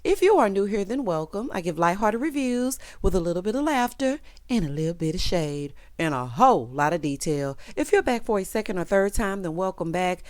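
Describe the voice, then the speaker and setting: A sassy woman recaps a TV episode in a casual vlog, laughing and acting out each character. Her pitch swings all over, full of life. The sound is dry and close. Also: dry recording. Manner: sassy, playful, quick to laugh, acts out characters' lines. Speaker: TV recap reviewer.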